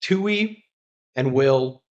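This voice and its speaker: Male podcast guest, steady and sure, conversational. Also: medium pitch, very slow, dull audio. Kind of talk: casual podcast discussion.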